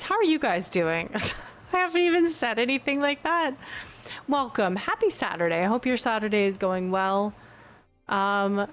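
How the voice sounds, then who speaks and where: A woman streaming a video game, chatting casually with her viewers and reacting brightly to the game. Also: mid-range voice, smooth. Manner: chatty and bubbly, reads out chat messages. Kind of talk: casual live-stream chat.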